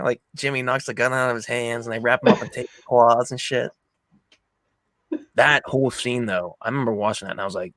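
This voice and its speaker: A man hosting a casual movie chat, retelling scenes with lots of swearing and excited quoted lines. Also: mid-range voice, moderate pace, no room sound. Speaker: podcast host.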